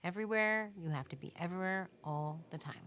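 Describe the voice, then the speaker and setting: Chatty woman with a lowish voice. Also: quick pace, a bit bright. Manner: emphatic, chatty storytelling with laughs and quoted dialogue. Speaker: newborn and baby photographer answering viewer questions. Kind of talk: casual live Q&A.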